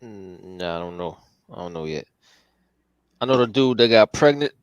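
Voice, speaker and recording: A man hosting a casual chat while drawing comics, talking in a profane, slangy, animated way. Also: lowish voice, moderate pace, clean tone, no room sound. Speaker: comic artist and host.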